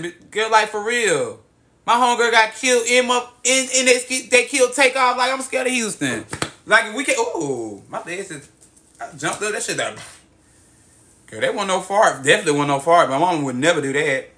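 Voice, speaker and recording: A young livestream host chats excitably into a phone mic, reading out viewers' cities in a profane drawl and calling everyone baby and girl. His voice is high-pitched and moderately paced.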